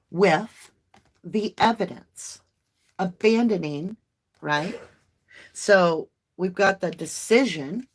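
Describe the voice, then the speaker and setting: A woman, hosting a casual livestream tarot reading in a chatty, folksy way and addressing viewers as y'all. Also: lowish voice. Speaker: tarot reader livestream host.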